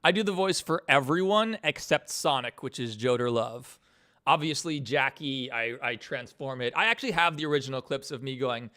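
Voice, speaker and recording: Chill guy talking over his animation on stream, swears a lot, laughs, middle-pitched voice. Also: normal speed, a bit bright, dry recording, clean studio sound. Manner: laid-back, swears casually, laughs often. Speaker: animator and channel host. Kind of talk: casual stream chat.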